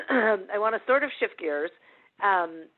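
An interview host asks questions in an unhurried, measured way and keeps replies short. The pitch is mid-range. The audio is narrow and tinny, like it comes over a phone. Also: expressive.

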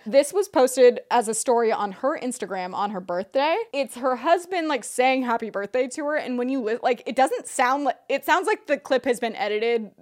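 A woman co-hosting a podcast in casual chat, talkative and often hedging. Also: fairly high pitch. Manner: chatty, hedging. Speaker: podcast co-host.

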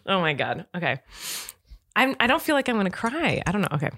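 A woman's voice: medium pitch, sing-song, quick pace, fairly bright tone, no echo, studio quality. A woman vlogger in casual, giggly chat, nervous and talkative.

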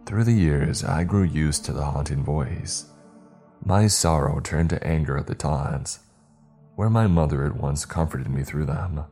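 A man narrating a horror story in a measured, steady way. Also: rumbling low, faint music behind.

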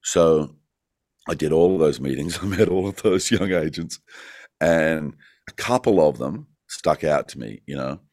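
Australian man, middle-aged, very low voice, dry close recording, rambling interview storyteller, laughs often. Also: lively intonation, a little slow, darkish tone, dry recording. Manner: rambling, frequent "you know", laughs as he tells. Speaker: actor guest.

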